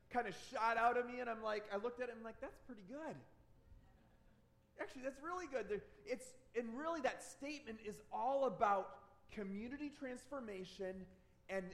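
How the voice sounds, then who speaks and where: Male pastor, 30s, high-pitched, conversational and lively sermon delivery. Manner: conversational, animated, repeats words for emphasis.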